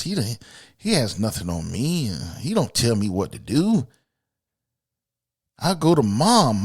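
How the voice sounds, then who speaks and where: A man hosting a podcast, delivering a blunt, profane, opinionated monologue aimed at women, swinging between loud outbursts and low asides. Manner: blunt, profane and emphatic, addressing women directly. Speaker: podcast host.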